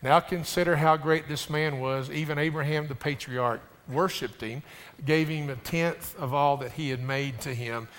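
A man preaching a sermon to his congregation, stumbling over restarts and building to loud, rising emphasis. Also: on the high side, fairly even intonation, moderate pace. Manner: addresses the congregation directly. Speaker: pastor. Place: church sanctuary. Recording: preached in a reverberant hall.

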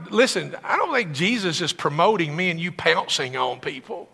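A man preaching a sermon as pastor, animated, rising to excited emphasis as he tells a story to his congregation. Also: high-pitched, normal speed, vocal fry, few pauses, breathy edge, long reverb tail. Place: church sanctuary.

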